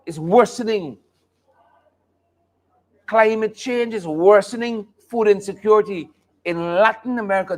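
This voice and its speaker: A man hosting a live talk show, joking and commenting on the news in a playful, casual way. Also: sits high. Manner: joking, playful, sings snippets and laughs often.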